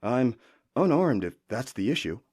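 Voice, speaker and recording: A man voicing a sly male traveler who poses as a humble priest, talking smoothly and ingratiatingly in an audiobook. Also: medium pitch, big pitch swings, normal speed, darkish tone, voice pushed up.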